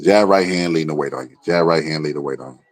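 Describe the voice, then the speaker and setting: Deep-voiced man, blunt live commentary. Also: fast talker, dry recording. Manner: blunt, mocking, repetitive. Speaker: livestream host reacting to a boxing broadcast.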